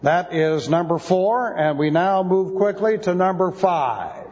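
A man's voice: high-pitched, expressive, a little slow, a little mellow. A man teaching an expository sermon, spelling out Greek words letter by letter. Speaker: Bible teacher. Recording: dull lo-fi sound with long hall reverb.

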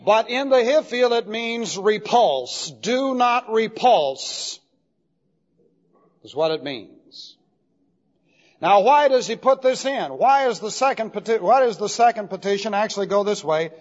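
A man's voice: sits high, lively intonation, normal speed. A male pastor giving an expository sermon, emphatic and methodical, repeating key terms as he explains them step by step. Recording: dull lo-fi recording with long hall reverb.

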